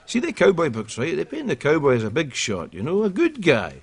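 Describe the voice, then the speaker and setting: An actor playing a grumpy older Scottish man who bickers over books, with a gruff Scottish accent. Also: fairly high pitch, huge pitch swings, brisk, heavily acted.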